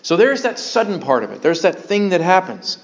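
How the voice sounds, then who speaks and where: A man preaching a conversational sermon as a pastor, animated, with sudden emphatic bursts. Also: high voice, brisk. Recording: dull lo-fi sound.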